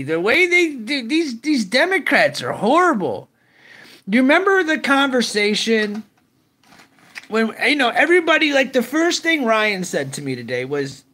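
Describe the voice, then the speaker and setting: A man's voice: very high voice, pushed and bright. A middle-aged man hosting a live news stream, ranting in profane slang and greeting chat viewers.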